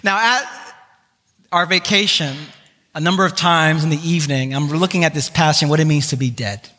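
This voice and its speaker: A man preaching a sermon, telling a personal story in an animated way with self-mocking humor. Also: a little high, moderate pace. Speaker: pastor. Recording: long reverb of a large hall.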